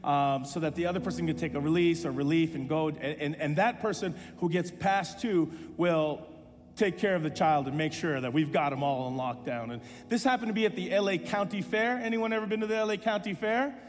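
A man in his thirties, a pastor, preaching a sermon and telling a personal story with animated self-deprecating humor. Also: on the high side, brisk, big-room sound.

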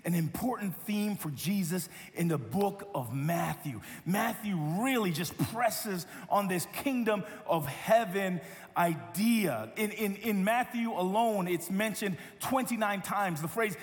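A man preaching a sermon as a pastor, telling stories with lively quoted voices and many repeated words. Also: high voice, measured pace, in a large hall, faint music behind.

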